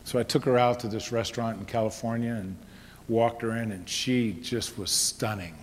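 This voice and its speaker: A middle-aged man telling a story from a stage, with a dramatic delivery that rises to loud urging and drops to near hushes. His voice sits at an ordinary male pitch and carries a long hall reverb. A faint noise sits underneath. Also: steady tone, normal speed. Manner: dramatic, shifting from loud exhortation to hushed tones. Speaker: speaker. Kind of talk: storytelling talk.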